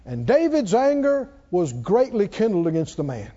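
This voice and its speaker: A man preaching a sermon, swinging between loud, dramatic lines and hushed ones. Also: high-pitched, huge pitch swings, moderate pace, hardly any pauses. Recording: muffled sound with long hall reverb.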